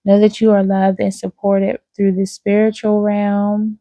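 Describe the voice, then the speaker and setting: A woman giving an intuitive spiritual reading to her viewers, speaking slowly and soothingly with frequent "okay?" check-ins. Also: mid-range voice, monotone, dark tone, dry recording. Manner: slow, drawn-out, soothing, with many "okay?" asides. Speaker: psychic reader.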